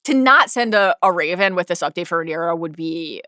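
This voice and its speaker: Lively bright-voiced woman podcast co-host. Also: on the low side, clear, resonant tone, no echo, studio quality. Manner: animated, quick asides and restarts. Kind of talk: casual TV recap chat.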